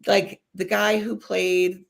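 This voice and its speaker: A woman's voice: mid-range voice, slow, gravelly. A middle-aged woman guest with a New York accent, chatting animatedly on a video-call podcast with lots of fillers. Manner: animated, rambling with fillers and excited exclamations. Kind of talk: casual storytelling on a podcast.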